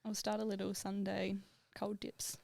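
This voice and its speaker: A woman's voice: mid-range voice, little pitch movement, normal speed, vocal fry, a little mellow, no echo, clean studio sound. A woman guesting on a podcast, chatting casually, laughing often and playing herself down. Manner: laughs often, self-deprecating. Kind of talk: casual chat.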